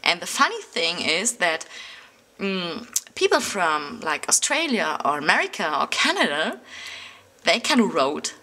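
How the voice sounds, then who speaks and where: Bright-voiced German woman vlogger, casual and hesitant, lively intonation. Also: lowish voice, unhurried. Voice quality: audible lip smacking. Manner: chatty, hesitant, many ums and little laughs. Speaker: planner vlogger. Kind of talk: casual talk to camera.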